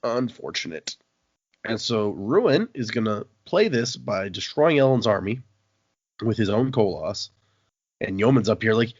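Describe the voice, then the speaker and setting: Animated man recapping a book. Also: on the low side, a little slow, slightly rough, dry recording. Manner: animated storytelling, acts out quotes. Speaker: podcast host. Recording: dull, dry lo-fi podcast audio.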